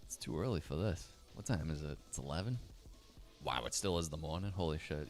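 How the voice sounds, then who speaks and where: A man's voice: rumbling low, lively intonation, brisk, darkish tone, soft background music. A young man hosting a casual livestream, chatting in a laid-back, profane, slangy way and answering live chat comments. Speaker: livestream host.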